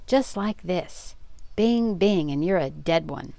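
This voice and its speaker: A woman's voice: on the low side, slow pace, creaky, dry recording, exaggerated voice. An older woman voicing a bold, teasing schoolboy full of schemes, in a storybook read-aloud. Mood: excited. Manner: excited, bossy, teasing.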